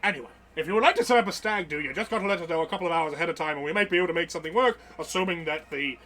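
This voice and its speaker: A man's voice: a little high, very fast, pushed and bright. A man voicing a posh male robot bartender with a put-on British accent, theatrical and fussy. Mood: brisk. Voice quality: chirpy, theatrical, indignant. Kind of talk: tabletop role-play acting.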